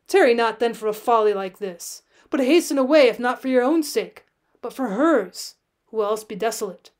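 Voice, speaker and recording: A woman reading as a calm dying old hunter. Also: fairly high pitch, normal speed, close to an everyday voice. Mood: solemn. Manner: solemn, pleading, archaic speech.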